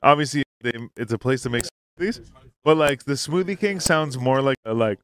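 A man's voice: medium pitch, animated, normal speed, a bit bright, clear, resonant tone. A man hosting a podcast in casual chat, rambling, swearing often and laughing easily. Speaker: podcast host. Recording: faint hiss.

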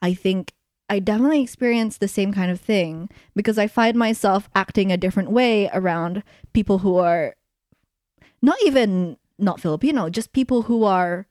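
A woman's voice: mid-range voice, moderate pace, darkish tone, no echo, studio quality. A woman co-hosting a casual podcast chat, thoughtful and steering the talk with questions. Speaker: podcast co-host.

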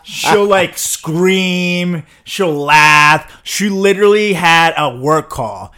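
A man's voice: a little high, extremely slow. A man co-hosting a podcast, talking casually with frequent swearing and laughter. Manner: animated, swearing, laughing often. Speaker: podcast co-host.

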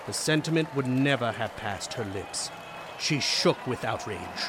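Expressive male story narrator. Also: mid-range voice, normal speed, crowd noise, background noise. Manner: dramatic and expressive. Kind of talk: scripted audiobook narration.

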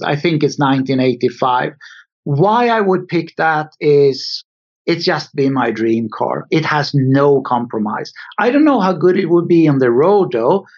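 Scandinavian-accented man, slightly high voice. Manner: thoughtful, hesitant, with restarts. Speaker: guest, car designer. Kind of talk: podcast interview answers. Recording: dull lo-fi audio.

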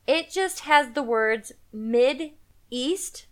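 Chatty woman recapping a movie, smooth voice. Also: high voice, expressive, drawn-out words, a bit bright. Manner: chatty storytelling with frequent fillers and laughs. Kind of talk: casual movie recap chat.

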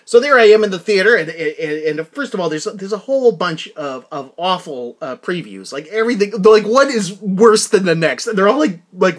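Male host, high voice with a lively, swooping delivery; excitable, rambling, a little breathless. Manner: excitable, rambling, breaks into laughter. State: slightly out of breath. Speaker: podcast host reviewing a film. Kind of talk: casual monologue.

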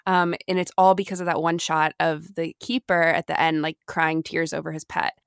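Woman co-host, casual fan chat, slightly low, dry sound. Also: little pitch movement, moderate pace, vocal fry, smooth, no room sound. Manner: chatty, many fillers and restarts. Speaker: podcast co-host.

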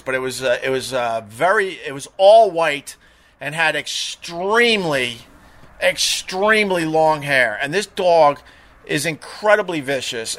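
A middle-aged man hosting a show, chatting casually and telling a story with lively retold dialogue. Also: fairly high pitch. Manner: animated storyteller, mimics voices in retold dialogue. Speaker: show host.

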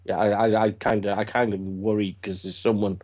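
A middle-aged man, chatting casually as a podcast co-host and telling stories in an animated, sweary way. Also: on the low side, brisk. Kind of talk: casual chat. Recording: dull lo-fi sound.

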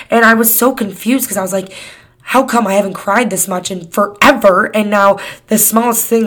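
A woman of twenty-one hosting her own podcast, talking in a candid, rambling way and swearing often. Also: mid-range voice. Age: 20s. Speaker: podcast host. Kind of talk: casual solo podcast chat.

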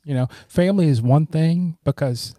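Middle-aged male guest, warm, relaxed timbre, dry close sound, earnest rambling storyteller. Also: fairly high pitch, moderate pace, no room sound. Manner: rambling anecdotes with frequent "you know"; earnest, grateful tone. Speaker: podcast guest. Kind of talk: conversational storytelling.

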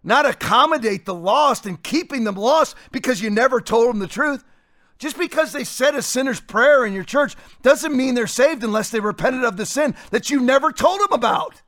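High-pitched fiery preaching man. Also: animated. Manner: forceful, rising to shouts, rapid scripture quoting. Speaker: pastor. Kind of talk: fiery preaching on a talk show.

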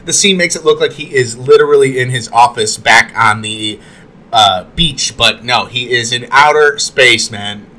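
Bright-voiced man casually recapping an episode. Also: mid-range voice, a little slow. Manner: chatty, retells scenes with asides and fillers. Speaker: podcast host recapping a TV episode.

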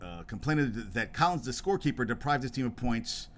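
A man's voice: medium pitch, animated, fast, a little hiss or hum. A man hosting his own solo podcast, talking in a rambling, profane way with lots of restarts and getting worked up as he goes. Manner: worked up and emphatic. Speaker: podcast host.

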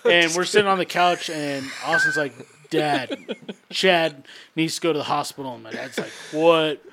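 A man's voice: on the high side, moderate pace, very noisy. A young man co-hosting a podcast, telling a story in casual, swear-filled chat. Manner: animated storyteller, swears freely. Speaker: podcast co-host.

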